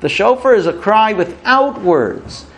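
Gravelly man telling a sermon story. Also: sits high, expressive, a bit bright. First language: not English. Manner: halting restarts, storytelling, acts out quoted voices. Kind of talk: informal sermon with stories.

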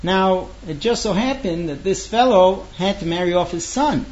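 Male storyteller, lively with dramatic pauses, high voice, dull lo-fi recording. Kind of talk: oral storytelling.

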